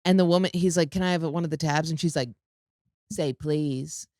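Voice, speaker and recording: A woman's voice: low voice, normal speed, no room sound, clean studio sound. A woman co-hosting a podcast in casual chat, telling stories and acting out the voices of the people in them. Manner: animated storyteller acting out quoted voices. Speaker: podcast co-host.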